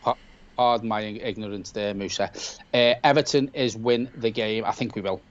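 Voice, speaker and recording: A man's voice: lowish voice, fairly even intonation, normal speed, muffled recording. A man with a Scouse accent co-hosting a live football watch-along, reading viewer comments aloud and answering them bluntly in casual chat. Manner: reads chat messages aloud in a blunt matter-of-fact way.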